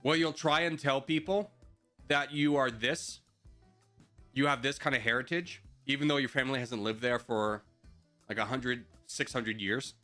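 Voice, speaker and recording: Male streamer, mid-pitched bright voice, playful ranting commentary over quiet background music. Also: normal speed. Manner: joking mock rants, frequent laughs. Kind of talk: live game-stream commentary.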